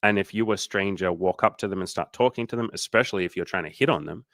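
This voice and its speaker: Profane, low-voiced man coaching on livestream. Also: fast talker, a bit bright, no room sound. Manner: profane, candid, acts out quoted people in exaggerated voices. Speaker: dating coach. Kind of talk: casual livestream coaching chat.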